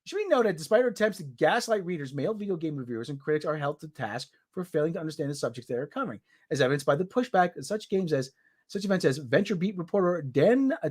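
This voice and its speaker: A man hosting a casual podcast, reading out a news article with sarcastic, exasperated asides. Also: sits high. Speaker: podcast host.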